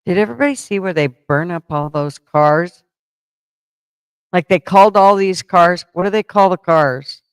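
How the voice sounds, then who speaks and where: A man's voice: high-pitched, moderate pace, clean tone, no echo, poor audio. A man hosting a casual livestream, rambling to himself while he fumbles with the setup, blunt and profane as he scolds his chat in jest. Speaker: livestream host.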